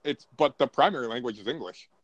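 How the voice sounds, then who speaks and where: A man's voice: medium pitch, animated, fast, lo-fi sound. A man co-hosting a podcast in casual chat, making dry, mock-serious jokes. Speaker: podcast co-host.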